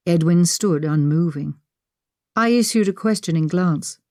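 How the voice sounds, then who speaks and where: Female audiobook narrator, low-pitched, measured first-person storytelling, dry studio sound. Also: warm tone, no echo.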